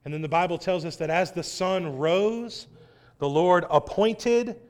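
A man preaching a sermon in an animated, wry way, acting out voices as he quotes. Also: high voice, unhurried, clean tone.

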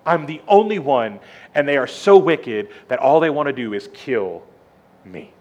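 A man preaching a sermon, retelling scripture with lively, emphatic storytelling. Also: mid-range voice, a little slow, lo-fi sound.

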